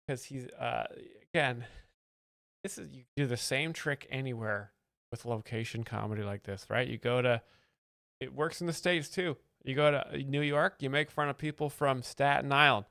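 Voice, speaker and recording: A man's voice: mid-range voice, creaky, bright, forceful tone, no echo. Dry mock-analytical male joke explainer. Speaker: host explaining jokes. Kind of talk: comedic commentary.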